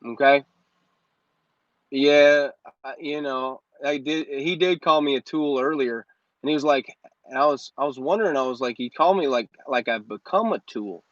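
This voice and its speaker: A man's voice: mid-range voice, normal speed, a bit bright, no room sound, muffled recording. A man in his thirties hosting a live Q&A as a business coach, talking in a brash, joking, motivational way into a phone. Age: 30s. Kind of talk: live Q&A stream.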